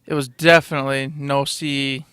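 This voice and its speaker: Bright-voiced, teasing podcast host man. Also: medium pitch, little pitch movement, moderate pace, smooth, dry recording. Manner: jokey, teasing, laughs easily. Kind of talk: casual podcast banter.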